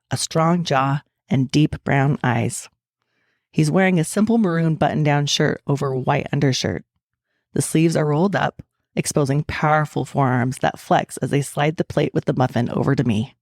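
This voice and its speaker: A woman's voice: deep voice, darkish tone, dry recording, studio quality. A woman author talking candidly in an interview and reading her own novel aloud, laughing easily. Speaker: author and guest.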